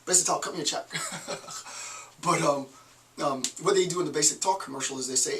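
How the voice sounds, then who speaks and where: A man's voice: a little high, normal speed, pauses often, fairly bright tone, recorded from a distance, slight background noise, poor audio. A middle-aged man giving a recorded online lecture, full of digressions and joking asides. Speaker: college lecturer.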